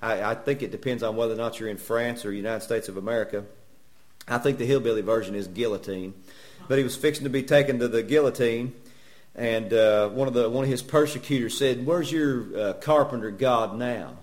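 A man's voice: mid-range voice, steady tone, quick pace, a little mellow. Folksy preacher man. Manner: folksy, jokey preaching with rhetorical questions. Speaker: pastor. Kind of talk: sermon. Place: church.

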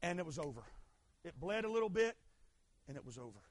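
A middle-aged man preaching a fervent sermon, swinging between shouted lines and quiet asides. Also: a little high, sing-song, quick pace, pauses often, no room sound. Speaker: pastor.

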